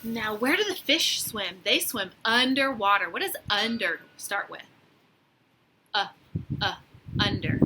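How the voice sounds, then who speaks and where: A woman teacher giving a phonics lesson to young children, slowly sounding out letters with encouragement, outdoors on a deck. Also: mid-range voice, expressive. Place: outdoors on a deck by a lake, rain starting. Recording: loud outdoor noise.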